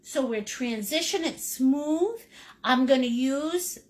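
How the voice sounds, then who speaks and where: A woman's voice: high-pitched, animated, takes it slowly. A woman teaching a live-streamed painting class, joking with viewers, reading out their comments and coaxing them through each step. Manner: encouraging, coaxing step-by-step instructions. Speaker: painting instructor.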